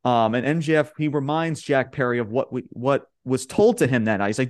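Talking a little fast in a mid-range voice, a young Long Island, New York podcast host casually recaps wrestling promos and animatedly quotes the wrestlers, laughing as he goes. The audio is dry and studio quality.

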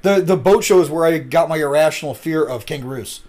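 A man's voice: fairly high pitch, a little mellow. Profane rambling man, podcast co-host. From Nebraska. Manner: profane rambling storyteller with halting restarts. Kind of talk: casual chat.

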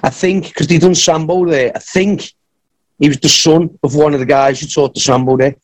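A man telling a long wrestling story in a podcast interview, acting out what others said in lively bursts. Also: on the high side, moderate pace. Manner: animated anecdotes, acts out others' lines. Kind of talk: casual storytelling.

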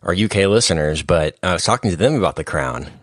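Man, podcast host, very deep voice, lively ups and downs, dry close sound. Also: no room sound. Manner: brisk, wry joking. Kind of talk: casual comedic chat.

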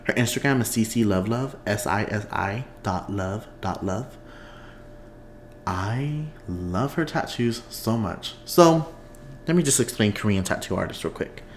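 A man with a somewhat low voice talks loosely on his podcast, wandering off topic and breaking into laughter. He is recorded at home, and the room's echo hangs around his words. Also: animated, a little slow, slight background noise. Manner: chatty, rambling, laughs often. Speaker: podcast host. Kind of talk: casual chat. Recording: echoey room.

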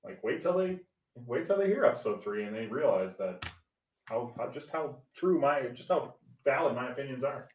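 A man's voice: mid-range voice, expressive, moderate pace, darkish tone, echoey room, distant mic, highs cut off, a little hiss or hum. A man in his forties co-hosting a podcast, joking in casual chat with crude, self-mocking banter. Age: 40s. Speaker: podcast co-host.

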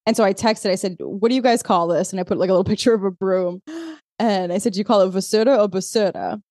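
A woman from the Azores co-hosting a casual podcast, spinning a story with quick asides and acted-out quotes. Her voice sounds mellow and dark, recorded close and dry. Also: mid-range voice, dry recording. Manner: animated storyteller, laughs often, acts out quoted texts. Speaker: podcast co-host. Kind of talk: casual chat.

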